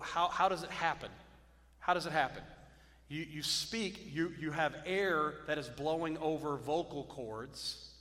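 Male pastor, slightly raised pitch, sermon delivery with call-outs to the congregation, echoing sanctuary. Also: a bit bright. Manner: repeats key phrases, checks in with "Amen?" and "okay?". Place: church sanctuary.

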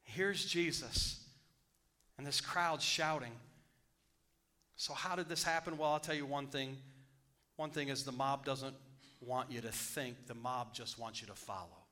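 A man preaching a sermon as pastor, reading scripture aloud and then preaching on it, dropping to a hush and rising loud again, repeating key phrases for emphasis. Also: mid-range voice, unhurried, pauses often.

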